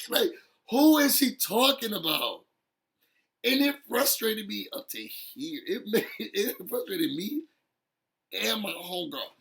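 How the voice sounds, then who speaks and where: A man recapping a reality show episode in a casual, emotional chat, animated and laughing often as he talks straight to viewers. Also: high-pitched, a little slow, vocal fry.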